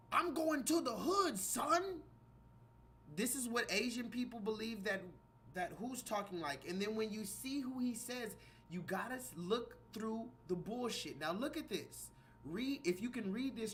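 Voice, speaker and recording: A man giving live reaction commentary, mocking and animated, often telling his chat what to type. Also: sits high, slight background noise. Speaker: livestream commentator.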